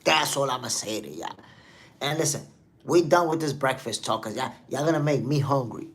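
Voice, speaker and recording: A man's voice: medium pitch, expressive, normal speed, slightly rough. A man hosting a casual live-stream chat, slangy and laid-back, reading viewer comments aloud. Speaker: host.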